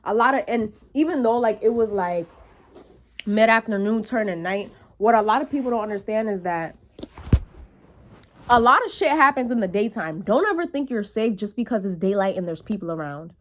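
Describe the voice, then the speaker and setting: With a medium-pitched voice, this young woman vlogs in a loose, animated storytelling style, peppering it with profanity and fast side comments aimed at her audience.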